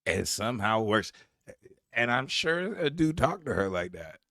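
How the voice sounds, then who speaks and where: A man's voice: mid-range voice, very animated, moderate pace, a bit bright, no room sound, clean studio sound. A man from Jamaica giving mocking commentary on a video clip he is reacting to.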